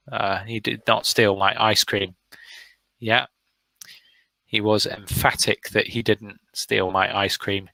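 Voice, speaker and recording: Slow-talking British male English teacher. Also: on the low side, bright, forceful tone, no echo, poor audio. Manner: encouraging, praises students by name. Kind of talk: online vocabulary lesson.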